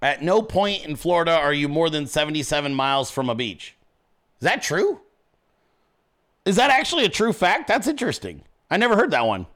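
A man's voice: on the high side, sing-song, brisk, a bit bright. A man hosting a political commentary show, blunt and crude, ranting at his audience in casual speech. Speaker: show host.

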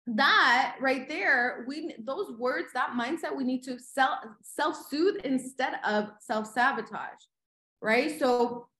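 A woman guest giving animated motivational talk, full of "like" and "right?" as she addresses her audience. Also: high voice, echoey room. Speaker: podcast guest.

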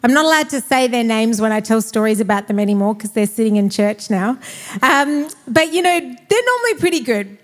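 High-voiced woman preaching in a hall. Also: very animated, fairly quick. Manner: storytelling with laughs. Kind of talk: sermon. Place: church. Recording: reverberant church hall.

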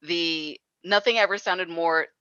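A guest from New Jersey talks in a loose, rambling way, full of fillers and little laughs. The voice is bright and forceful, set close and dry. The audio has a slightly dull, lo-fi quality. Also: mid-range voice, fairly even intonation, measured pace, smooth, dry recording. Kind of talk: casual interview chat.

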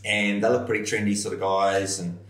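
Telling stories fairly quickly during a podcast conversation, this New Zealand senior pastor is animated and acts out quoted voices in his low voice. He sounds roomy and distant, with echo and some distance from the microphone.

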